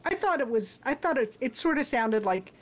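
Hesitant woman chiming in, fairly high voice. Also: lively intonation, moderate pace. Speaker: podcast co-host. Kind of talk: casual movie discussion.

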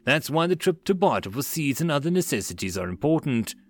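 A man's voice: on the high side, big pitch swings, a little fast, pitched above the performer's own voice. A man voicing a practical, cheerful male barbarian leader who speaks matter-of-factly.

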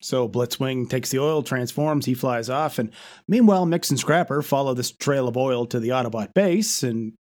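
A man's voice: mid-range voice, moderate pace, a little mellow. A man casually recapping a cartoon episode with a co-host, narrating the plot with dry, sarcastic asides. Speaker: podcast co-host.

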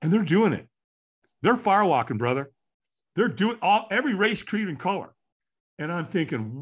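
Husky-voiced and speaking at a moderate pace with frequent pauses, a man in his sixties tells a podcast a story from his own life. He gets animated, performing what people said with large swings in pitch.

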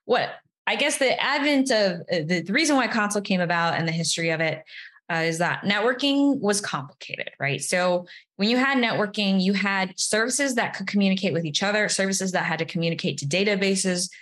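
A woman's voice: mid-range voice, expressive, a little fast, a bit bright. A woman, a developer advocate guest, explaining step by step in casual interview talk, often adding "you know" and "right".

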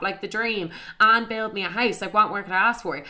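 A woman's voice: mid-range voice, brisk, sharp tone. A young Irish woman casually telling a story, chatty, peppering her talk with "like" and swearing freely.

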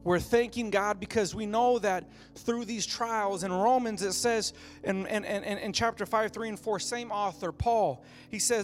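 A man's voice: high-pitched, fairly even intonation, measured pace, hardly any pauses, soft background music. A man, a pastor with a young child, preaching a sermon with a passionate, repetitive cadence that builds phrase by phrase.

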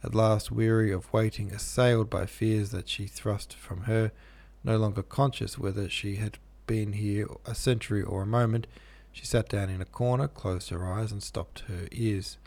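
A man narrating a classic novel aloud in a measured, even manner. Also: lowish voice, creaky. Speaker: audiobook narrator.

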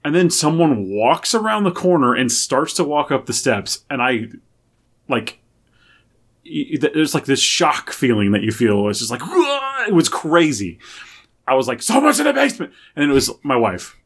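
Man, medium pitch, very lively intonation, excitable podcast storyteller. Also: normal speed. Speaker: podcast co-host. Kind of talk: casual chat.

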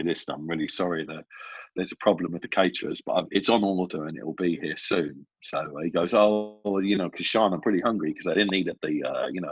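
A man spins a casual film-set story, slipping into the voices of the people he quotes. His low voice is husky and comes through dull, dry and lo-fi. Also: no echo. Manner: lively storyteller who acts out quoted voices. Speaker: film assistant director guest. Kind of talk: casual anecdote telling.

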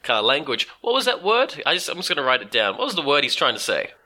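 An Australian man from Melbourne who talks in a playful, teasing way. His voice is very bright and sharp, and his pitch swings widely through each line. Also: very animated. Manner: playful, teasing, quick jokes. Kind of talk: casual chat.

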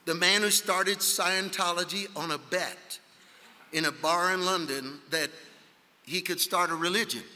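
Sharp-voiced preacher in a reverberant hall. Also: male voice, high-pitched, unhurried. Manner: emphatic storytelling, rising to shouts. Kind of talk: sermon. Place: large conference hall.

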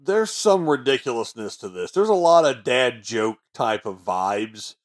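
A man's voice: mid-range voice, sing-song, a little slow. A man co-hosting a podcast, enthusiastically retelling movie scenes in casual chat. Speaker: podcast co-host.

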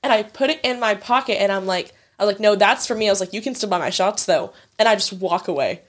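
A young woman in her twenties tells a story in loose, chatty conversation. She swears freely and slips into quick impressions of the people she quotes, in a voice of ordinary pitch. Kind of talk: casual storytelling chat.

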